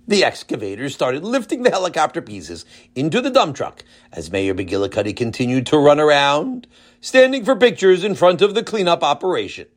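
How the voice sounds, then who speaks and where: A storyteller reading a children's story aloud with a lively delivery. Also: medium pitch, brisk. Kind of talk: children's story narration with character voices.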